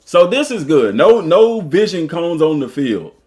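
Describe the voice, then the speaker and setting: His voice is fairly high and unhurried. This Southern US man, a streamer and school football coach, reads an article aloud on a livestream, breaking off between passages for lively jokes and chatter with his viewers.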